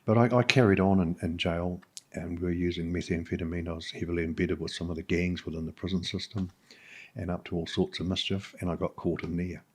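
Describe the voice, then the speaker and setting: A middle-aged man with a New Zealand accent, a podcast guest telling his own story frankly, in halting speech full of fillers and restarts. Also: sits low, flat delivery, darkish tone, breathy edge. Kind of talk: candid personal storytelling.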